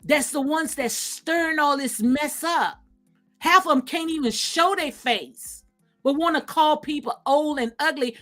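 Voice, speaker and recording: A woman's voice: high-pitched, measured pace, fairly bright tone, soft background music. A woman hosting a reaction commentary, talking straight to her viewers, emphatic and repeating her points. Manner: emphatic, repeats phrases, addresses viewers directly. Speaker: commentary channel host. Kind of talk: reaction commentary on viral clips.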